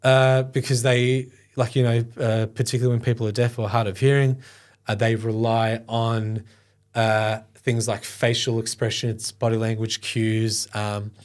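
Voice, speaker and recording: His delivery is flat and a little slow, pitched in the medium range. He is a middle-aged foundation founder telling a personal story as an interview guest, talking in a relaxed, filler-laden way that sometimes catches with emotion.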